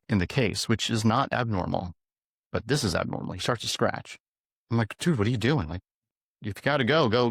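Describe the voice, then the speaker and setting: A man from the US East Coast, a guest animal communicator telling stories in a casual interview with an animated, chuckling manner. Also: sits low, dry recording, studio quality.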